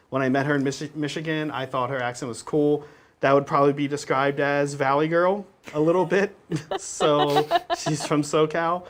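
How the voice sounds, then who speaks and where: A young adult man co-hosting a casual gaming stream. He talks in a rambling, hesitant, self-conscious way, full of restarts. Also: fairly high pitch. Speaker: stream co-host and wargame player.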